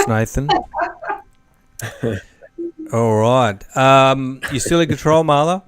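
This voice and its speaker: A man's voice: medium pitch, slow pace, long pauses, clean tone, dry recording. Chatty man hosting a quiz. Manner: joking, chatty, hints freely at answers. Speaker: quiz host. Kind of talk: casual game-show hosting.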